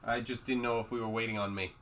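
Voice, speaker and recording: A man's voice: mid-range voice, flat delivery, fast talker, a bit bright. A man playing in a tabletop game, joking and sarcastic. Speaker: player. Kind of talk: casual game chat.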